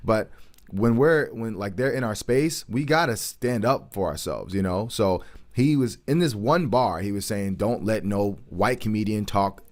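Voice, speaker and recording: A man's voice: lowish voice, expressive, unhurried. A man hosting a livestream, giving earnest, emphatic commentary on current events and repeating his points to stress them.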